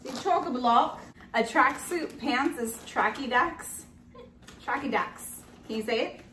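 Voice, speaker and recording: Brief: cheerful woman host, casual chat, slightly high voice, recorded from a distance in an echoey room. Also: measured pace, sharp tone. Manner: cheerful, giggly, leading the kids. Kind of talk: casual family snack-tasting chat. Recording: echoey room, camera from a distance, faint noise.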